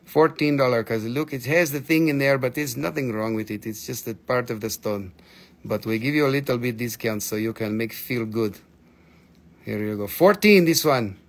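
Gravelly-voiced joking man selling stones. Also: medium pitch, normal speed. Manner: playful, joking, slips into put-on broken-English voices. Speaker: live-stream seller of crystals and stones. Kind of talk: live-stream sales chat.

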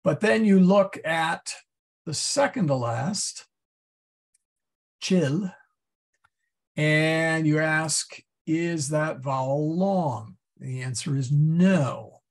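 A man teaching a Latin class, explaining step by step and thinking aloud with many pauses and fillers. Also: fairly high pitch. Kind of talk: classroom lesson.

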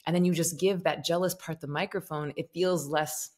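A woman from the States, a meditation teacher talking as a guest on a podcast, expressive and musing aloud. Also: low voice, moderate pace. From Southern United States. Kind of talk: conversational podcast interview.

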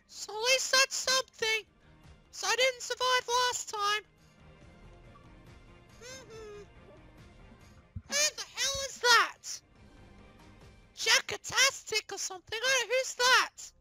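A performer voicing a plush toy character who yells and shrieks frantically through a video game, sounding hoarse after an illness. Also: very high voice, steady tone, slow pace, pauses often, soft background music, heavily acted. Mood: chatty. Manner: shrieking, frantic yelling while playing. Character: squeaky plush toy character, excitable and panicky. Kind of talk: gaming comedy voice acting.

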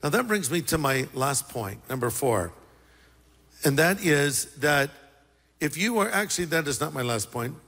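A man preaching a sermon as pastor, lively and joking with the congregation. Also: fairly high pitch, moderate pace, creaky, big-room sound.

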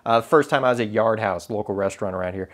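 A man's voice: lowish voice, racing. Chatty American man talking to camera. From United States. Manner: chatty, self-deprecating, with many ums and uhs. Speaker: photography YouTuber. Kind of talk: casual chat to camera.

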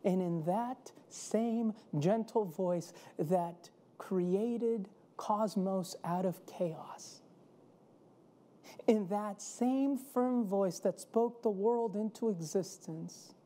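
A woman with a mid-range voice preaches a sermon, telling it slowly and in a measured storytelling way. Her tone is warm and mellow, and dramatic pauses let each phrase land.

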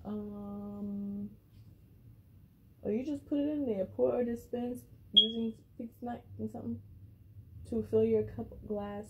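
A woman's voice: mid-range voice, gravelly, background noise. A woman vlogger chatting casually and rambling to her viewers as she unboxes something, a little out of breath.

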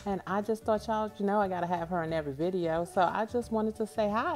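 A woman's voice: mid-range voice, fast, a little mellow, soft background music. A woman vlogger chatting casually and directly to her viewers from home, staying off camera while she shows things. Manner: chatty, talks straight to viewers.

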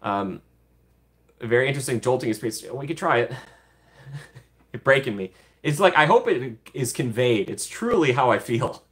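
A man's voice: mid-range voice, lively intonation, moderate pace, long pauses. A young man casually hosting a livestream, chatty, laughing often and gushing thanks to his viewers. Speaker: livestream host.

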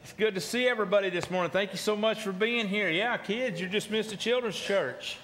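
A man's voice: high voice, a little fast, a bit bright, a little hiss or hum. A male pastor, preaching in a folksy way and often repeating words. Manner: folksy, repeats words while telling a story. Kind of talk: sermon with a joke.

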